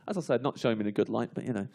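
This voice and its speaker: A man of ordinary pitch tells a rambling comic anecdote on a live panel show. He laughs through his own story, his delivery animated and eager. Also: racing, gravelly. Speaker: comedian guest. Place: live show before an audience.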